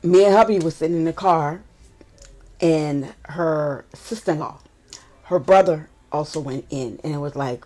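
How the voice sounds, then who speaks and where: Low-voiced New Orleans woman storyteller. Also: measured pace. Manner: chatty, relaxed, repeats phrases while telling a story. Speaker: vlogger. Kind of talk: casual storytime.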